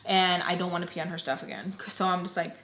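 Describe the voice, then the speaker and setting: Speaking quickly in a fairly low, flat, somewhat bright voice, this young vlogger casually shares something from her own life, addressing "you guys" and peppering her talk with "like" and bits of Spanish. There's slight background noise, and the room echoes.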